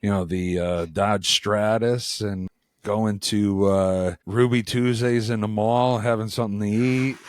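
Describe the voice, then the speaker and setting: Deep-ish podcast host, dry close sound. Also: male voice, unhurried, no room sound. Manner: relaxed, joking banter. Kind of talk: casual chat.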